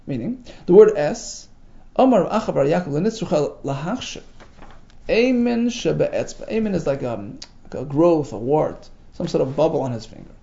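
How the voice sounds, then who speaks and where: A man's voice: fairly high pitch, sing-song, normal speed, gravelly, warm tone, muffled recording. A man giving a Talmud class, reading Aramaic phrases and explaining them in English with emphatic delivery. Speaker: Talmud teacher.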